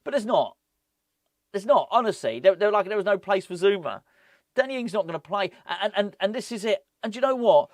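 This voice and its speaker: Chatty man, bit high, dry sound. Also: fairly quick, no room sound. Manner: rambling, animated, self-interrupting with laughs. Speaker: football fan channel host. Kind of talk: casual opinion vlog.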